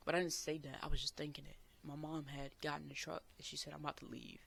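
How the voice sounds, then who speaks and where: A young man earnestly telling a personal story as a vlogger, sometimes bursting out loud. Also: on the high side, level tone, quick pace, creaky, slight background noise. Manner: earnest, emotional retelling with loud outbursts.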